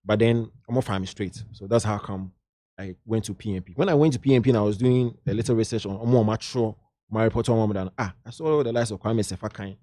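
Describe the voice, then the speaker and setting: Guest, Ghanaian man, middle-aged, anecdotal and lively, dry room sound. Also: on the low side, quick pace, dry recording. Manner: lively anecdotal, drifts into local slang. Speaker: guest, entertainment journalist. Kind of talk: casual interview storytelling.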